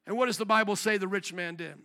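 A male pastor preaching a sermon in an animated, joking way, calling out to the congregation. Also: sits high, fast.

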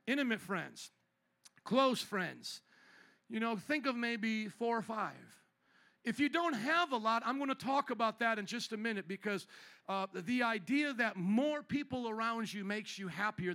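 A male pastor preaching a sermon in church, teasing and joking with the congregation. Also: high voice. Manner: playful, teasing, animated preaching. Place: church sanctuary.

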